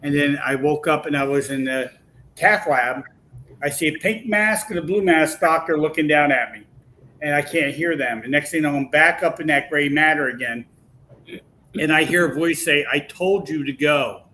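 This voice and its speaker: A man guest telling a long personal story in a lively, animated way, acting out the voices he quotes. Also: a little high, moderate pace, a little hiss or hum, rough recording. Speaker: podcast guest. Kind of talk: casual storytelling.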